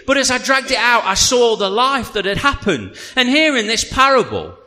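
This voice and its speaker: Animated pastor in an echoey hall. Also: male voice, extremely high pitch, normal speed. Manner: chatty, humorous, animated storytelling. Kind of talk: sermon with personal storytelling. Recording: reverberant hall.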